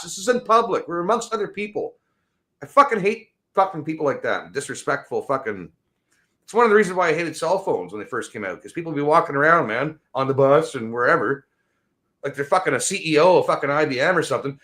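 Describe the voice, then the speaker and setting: A man's voice: on the high side, very animated, fast talker, fairly bright tone. A middle-aged man ranting in casual chat, profane and rambling, laughing as he talks. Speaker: podcast host.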